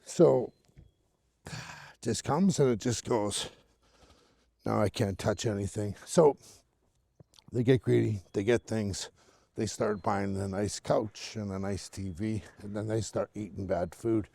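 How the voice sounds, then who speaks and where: A man's voice: on the low side, takes it slowly, vocal fry, pauses often, warm tone, no echo, studio quality. A middle-aged man from Canada vlogging casually while walking outdoors on a snowy street, chatting and laughing easily. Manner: chatty, laughs often, greets neighbors and dogs. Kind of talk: casual walking vlog monologue.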